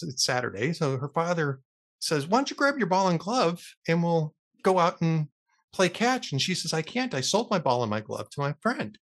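A man hosting a talk show, chatting casually and telling a long joke with acted-out voices. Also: fairly high pitch. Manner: lively storyteller who acts out the characters' lines. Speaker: radio talk show host. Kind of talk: casual chat, telling jokes.

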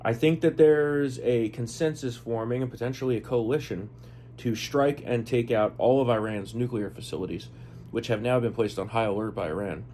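Hoarse-voiced male podcast co-host. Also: mid-range voice, moderate pace, warm tone, a little hiss or hum. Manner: opinionated, talks in lists with fillers. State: losing his voice. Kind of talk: casual political chat.

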